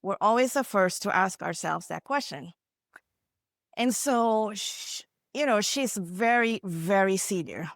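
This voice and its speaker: A woman from India delivers a motivational keynote, speaking earnestly and conversationally as she tells stories and checks in with the audience. Her voice sits at an ordinary middle pitch. The sound is dry and close, with no room echo. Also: expressive, takes it slowly. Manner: earnest, conversational, frequent "you know" and "right?".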